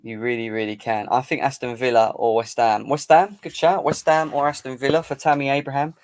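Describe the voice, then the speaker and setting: A man's voice: medium pitch, fairly even intonation, brisk. Boisterous man hosting a fan stream. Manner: boisterous, teasing banter, chanting. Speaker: fan channel live-stream host. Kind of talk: casual live-stream football chat.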